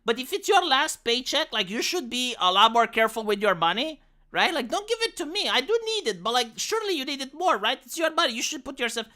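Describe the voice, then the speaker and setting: A young woman from Romania streams casual commentary in a high, bright voice. She rants bluntly, swears freely and restarts her sentences often, her pitch swinging widely. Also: sing-song, fast.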